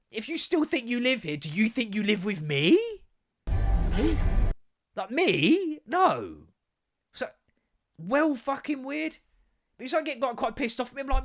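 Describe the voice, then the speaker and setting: A man hosting a podcast, telling a story in a casual, sweary rant. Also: high-pitched. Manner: animated, sweary, mimics voices in anecdotes. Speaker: podcast host.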